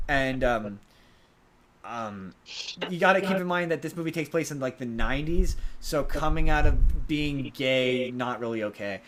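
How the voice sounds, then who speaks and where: A man co-hosting a podcast goes over a movie in a rambling recap, with many restarts, filler ums, and acted-out quotes. His medium-pitched, fairly bright voice moves at a normal speed, and the audio is poor.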